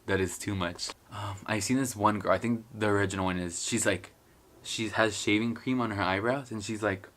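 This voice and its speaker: Sitting in his bedroom, a US-raised young vlogger from a Mexican family rambles and swears, mocking himself between bursts of laughter. His voice is lowish yet fairly bright, with a steady tone and moderate pace.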